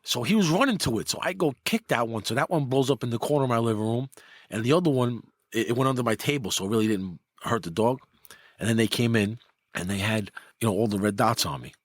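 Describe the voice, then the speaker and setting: A husky middle-aged man tells his story in a loose, animated way. His pitch jumps when he acts out what others said. The sound is dry and close. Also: fast talker, no room sound. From New York. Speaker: guest, former mob enforcer. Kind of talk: casual storytelling.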